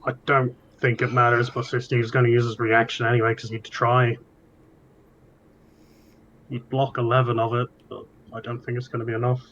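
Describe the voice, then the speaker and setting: A man playing a tabletop role-playing game, explaining his character's reaction in a quick, matter-of-fact way. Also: medium pitch, monotone, a bit bright, lo-fi sound, a little hiss or hum. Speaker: player.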